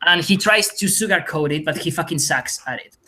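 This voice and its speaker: A man's voice: on the high side, expressive, brisk, noisy background. A man from Spain, hosting a podcast over a laptop headset, rambling through tangents with self-deprecating jokes and plenty of swearing, his voice turning robotic from a bad connection. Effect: robotic glitchy connection. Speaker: podcast host. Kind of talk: rambling casual chat. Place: home. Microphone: laptop headset on a call. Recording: glitchy online voice call.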